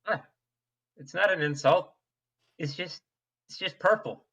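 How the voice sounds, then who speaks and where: A man's voice: on the high side, unhurried, fairly bright tone, dull audio. A man playing a tabletop game, talking casually with hesitant restarts. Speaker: player.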